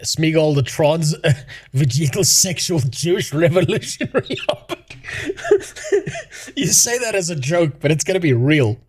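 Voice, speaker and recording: A man's voice: fairly high pitch, very animated, a little slow, husky. A man ranting casually as a gaming streamer, swearing, mocking and laughing often. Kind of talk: casual commentary rant.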